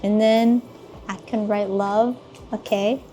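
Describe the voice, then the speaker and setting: A woman's voice: medium pitch, steady tone, takes it slowly, mellow, faint music behind. A woman helping with a handwriting demo, talking casually and hesitantly with many fillers and repeated words. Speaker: guest helper. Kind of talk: casual demonstration.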